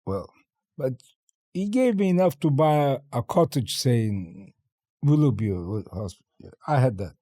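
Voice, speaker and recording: A lively older man from China tells stories in an interview and acts out every exchange in voices. His pitch jumps high and low, his tone is dark and mellow, and the room sounds dry. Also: normal speed, no echo. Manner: animated storyteller acting out dialogue, laughing often. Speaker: guest. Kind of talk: interview storytelling.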